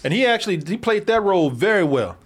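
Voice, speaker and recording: A man with a high, bouncy voice hosts a loose movie review chat. He swears freely and breaks into laughter between rants. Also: fast, breathy edge. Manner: profane, animated, laughs often. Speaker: podcast host.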